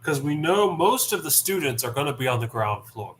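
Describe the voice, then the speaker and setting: A man's voice: fairly high pitch, sing-song, fairly quick, a bit bright, a little hiss or hum. A man in his thirties, a player at a tabletop game, chatting casually and wandering into asides.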